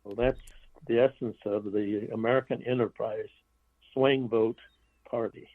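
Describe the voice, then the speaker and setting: A man's voice: on the low side, steady tone, no room sound. Blunt male author on a tinny phone line. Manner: halting, restarts phrases, blunt opinions. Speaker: author and guest. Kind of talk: interview over the phone.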